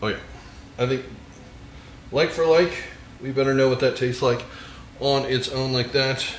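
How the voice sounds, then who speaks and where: A man's voice: mid-range voice, fairly even intonation, unhurried, roomy sound, slight background noise. A man hosting a home cooking video, joking and enthusing as he dresses and tastes burgers. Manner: jokey, enthusiastic, savoring food with murmured mms. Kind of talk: casual cooking vlog with tasting. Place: home kitchen.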